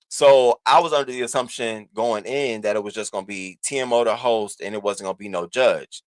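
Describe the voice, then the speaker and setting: A man's voice: on the low side, brisk, hardly any pauses, dry recording. A man hosting a live stream, giving sassy, profane commentary and calling out viewers in the chat by name. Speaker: livestream host.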